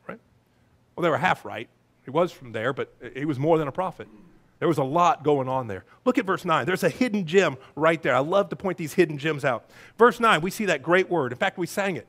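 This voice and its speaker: A man preaching a lively, playful sermon as pastor, breaking into shouts and silly voices. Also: on the high side, brisk.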